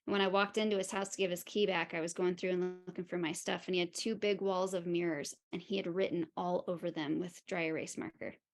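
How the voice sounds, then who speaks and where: A woman's voice: fairly low pitch, fairly even intonation, quick pace, hardly any pauses. A woman speaking as a podcast guest, telling a personal story openly and frankly, laughing at herself and acting out what other people said.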